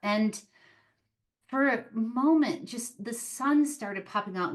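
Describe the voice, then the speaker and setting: A woman, an author and podcast guest, telling a personal story in casual interview chat, animated and full of fillers. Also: fairly high pitch, slow pace. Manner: animated, chatty, many fillers like "like" and "um".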